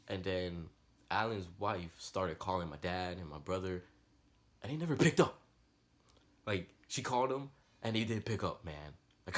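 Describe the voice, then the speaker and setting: A young man telling a personal story in casual, slangy, rambling talk. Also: low voice. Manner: slangy, rambling, animated retelling. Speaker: vlogger.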